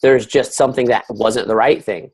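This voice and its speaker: A man's voice: mid-range voice, steady tone, normal speed, gravelly, darkish tone, breathy edge. A man who is a guest coach on a casual call, upbeat and self-deprecating.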